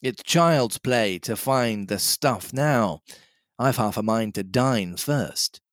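A man voicing a scheming older male pirate captain in a read-aloud storybook, speaking slowly. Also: mid-range voice, animated, no room sound, studio quality.

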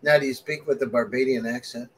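A man's voice: mid-range voice, steady tone, husky, low-quality recording. A man hosting an interview, asking questions and reacting enthusiastically to the answers. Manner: enthusiastic, quick to react with praise. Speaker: interview host. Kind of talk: interview conversation.

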